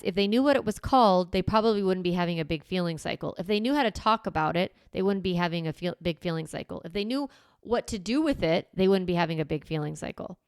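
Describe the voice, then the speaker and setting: A woman host coaching parents in a relaxed podcast chat. Her mid-pitched voice carries a touch of vocal fry. She bounces into little role-played lines to a child, recorded close and dry with no room sound. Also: no echo. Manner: animated, acts out what she would say to a child.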